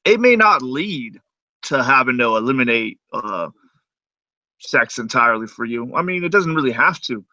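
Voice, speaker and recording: A man with a bright, tense voice, recorded dry and close. He talks in a laid-back, reflective way during a casual stream, with some casual swearing. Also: medium pitch, animated, normal speed, no echo, dull audio. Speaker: stream co-host. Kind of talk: casual chat.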